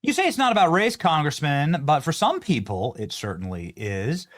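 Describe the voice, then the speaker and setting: A man from Iowa hosting a political interview, lively and incredulous. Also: on the high side, normal speed. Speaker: show host.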